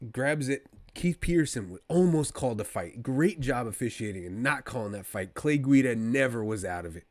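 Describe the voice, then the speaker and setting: A man giving casual live play-by-play of a fight to his stream viewers, rambling and excitable like a fan, talking to the chat between calls. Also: medium pitch, dry recording.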